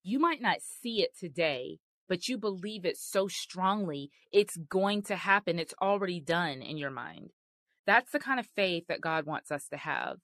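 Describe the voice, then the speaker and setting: A woman's voice: lowish voice, animated, measured pace, fairly bright tone, no room sound. A woman host giving sermon-style marriage teaching, earnest and emphatic in a conversational way.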